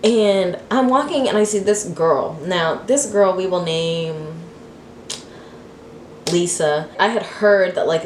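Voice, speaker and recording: A young woman vlogger telling a story in an animated, dramatic way, full of fillers. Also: on the low side. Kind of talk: storytime vlog. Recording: roomy echo with faint hiss.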